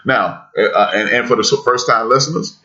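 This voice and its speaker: A man hosting a podcast discussion, talking in an emphatic, preacherly way that builds to loud peaks. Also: mid-range voice, normal speed, highs cut off. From United States. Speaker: podcast host.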